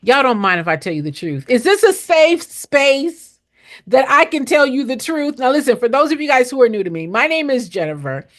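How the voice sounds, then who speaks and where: Middle-aged woman consultant: direct, emphatic teacher with a lively, higher-pitched delivery and preacher-like repetition. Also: moderate pace. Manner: blunt, emphatic, preachy, repeats key lines. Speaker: nonprofit consultant. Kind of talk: direct live-stream teaching to viewers.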